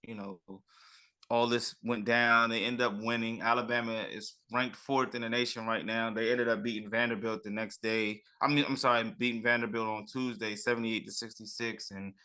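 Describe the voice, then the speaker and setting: A man's voice: mid-range voice, level tone, normal speed, pushed and bright, clean tone. A man co-hosting a sports podcast, talking casually and repeating himself, with "man" at the end of many phrases. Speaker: podcast co-host.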